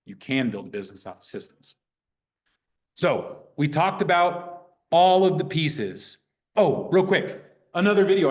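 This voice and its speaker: A man teaching a real estate class in a lively, conversational way, acting out sample phone calls. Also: fairly high pitch. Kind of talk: teaching a live workshop.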